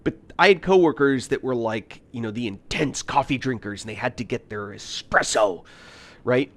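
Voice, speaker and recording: A man from the United States, streaming a game and telling casual stories, animated, laughing often and full of fillers. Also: medium pitch, moderate pace. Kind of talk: casual storytelling while gaming.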